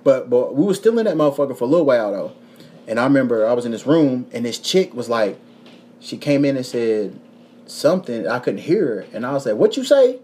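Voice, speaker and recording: Young man, Kentucky accent, podcast host, casual storytelling, profane, mid-pitched voice. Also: lively intonation, a little fast, a little mellow. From Kentucky, USA.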